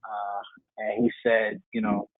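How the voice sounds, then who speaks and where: A man from New York joining a webinar by video call, joking lightly, then speaking in a measured, thoughtful way. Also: fairly low pitch, completely flat delivery, no echo. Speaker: webinar guest. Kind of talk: casual discussion. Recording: tinny dry phone-like call line.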